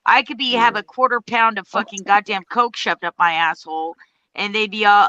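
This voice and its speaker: A woman's voice: mid-range voice, steady tone, moderate pace, pushed and bright, no echo. A woman in casual chat, talking bluntly and swearing freely as she gives her opinions. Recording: dull lo-fi audio.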